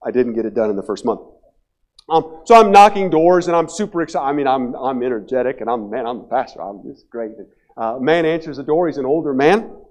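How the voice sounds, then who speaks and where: Male pastor, storytelling sermon, animated delivery that drops to a hush, middle pitch, dull lo-fi sound. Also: a little fast. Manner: animated storyteller, swings between loud excitement and hushed quiet.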